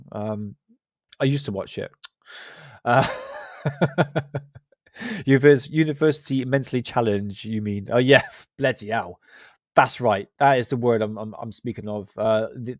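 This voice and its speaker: A man's voice: mid-range voice, dry recording. Male streamer, West Country accent, casual self-mocking banter, dry sound. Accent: West Country English. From Southwest England. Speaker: livestream host. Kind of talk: casual livestream chat.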